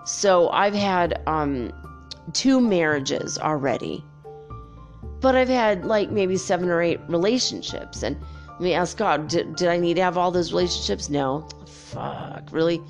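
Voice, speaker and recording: Middle-aged woman vlogger, raspy fry in her voice, loose and profane, animated storyteller. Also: on the low side, measured pace, faint music behind. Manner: chatty, swears freely, animated storytelling. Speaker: spiritual vlogger. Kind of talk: casual chat.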